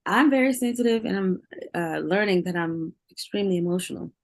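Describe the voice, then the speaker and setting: A woman in her forties, a singer, talking candidly in an interview, full of fillers and quick to laugh. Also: medium pitch. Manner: candid, heavy filler use, laughs easily. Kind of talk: emotional interview conversation.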